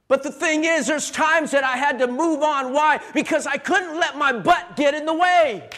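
High-voiced preaching man, repetitive and fervent. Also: moderate pace, hardly any pauses, sharp tone. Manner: emotional, repetitive preaching with rising emphasis. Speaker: pastor. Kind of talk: sermon.

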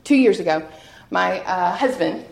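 A woman's voice: fairly low pitch, lively intonation, a little slow, gravelly, noisy background. A woman shares her personal testimony before a church audience. She speaks earnestly and from the heart, often laughing at herself. Her voice rings out in a roomy, echoing hall. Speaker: guest speaker sharing testimony.

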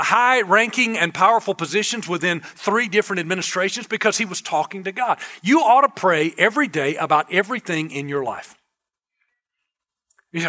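A man's voice: high-pitched, pushed and bright. A man preaching as a pastor in a conversational, emphatic sermon style, repeating key phrases for emphasis.

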